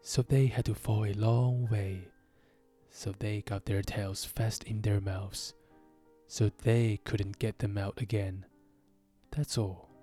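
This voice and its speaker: A man voicing a solemn, impatient griffin creature in a storybook reading, with a deep voice. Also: fairly even intonation, takes it slowly, warm tone, faint music behind.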